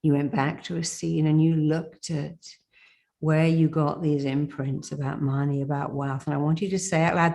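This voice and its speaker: A woman's voice: sits low, steady tone, unhurried, a little mellow. A middle-aged woman, a therapist, leading a guided self-help exercise in an emphatic, commanding way, with phrases repeated for listeners to say back.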